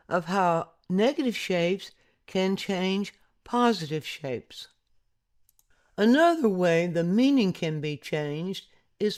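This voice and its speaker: Slow, patient art instructor narrating. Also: mid-range voice, darkish tone. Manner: patient, explanatory, prompts viewer to look closely.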